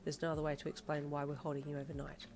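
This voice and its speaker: A woman's voice: deep voice, completely flat delivery, very fast, noisy background. A woman voicing a blunt, stern male doctor who talks in a clinical, authoritative way.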